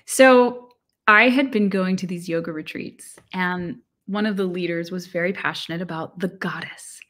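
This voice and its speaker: A woman's voice: on the low side, normal speed, a bit bright. A middle-aged woman, a guest author and musician, telling stories animatedly, acting out her own thoughts and sometimes dropping to a near whisper. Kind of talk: casual interview storytelling.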